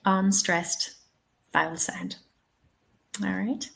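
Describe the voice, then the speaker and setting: Woman, teacher, live online Q&A, slow explanations. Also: medium pitch, fairly even intonation. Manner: slow, patient, explains with spoken examples. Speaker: English teaching trainer. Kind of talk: live webinar Q&A.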